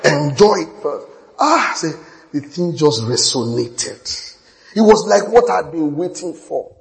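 A man preaching a sermon, telling stories with quoted dialogue and building to shouts. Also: on the high side, very animated, takes it slowly, gravelly. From Nigeria. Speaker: pastor. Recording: long hall reverb.

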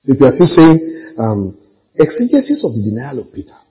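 A man's voice: medium pitch, quick pace, husky, rough recording. A male pastor preaching a sermon, telling stories and calling for amens. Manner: storytelling, animated, calls for amens.

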